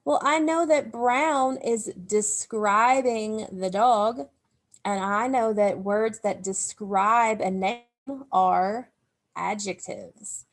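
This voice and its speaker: A woman with a medium-pitched voice draws out her words as she teaches grammar to young children. She explains each step patiently in what is a recorded remote phonics lesson.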